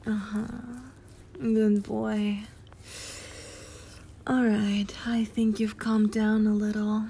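A woman in a whispered role-play, talking slowly in a teasing, domineering way and often dropping to a whisper. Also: medium pitch, monotone, dark tone, a little hiss or hum. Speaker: audio role-play performer.

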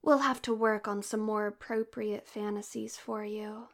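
A woman's voice: mid-range voice, little pitch movement, normal speed, voice pushed down, lightly acted. A woman putting on a commanding, teasing mistress voice in an erotic audio role-play.

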